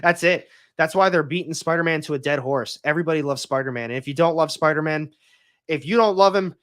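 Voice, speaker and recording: A man's voice: mid-range voice, a bit bright. A young man hosting a casual comics livestream, talking in a rambling, opinionated way with frequent restarts.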